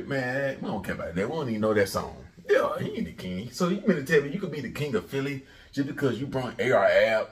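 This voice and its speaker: A man hosting a commentary channel, ranting and taunting loudly, often jumping into a high mocking pitch. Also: big pitch swings, fast, far from the mic.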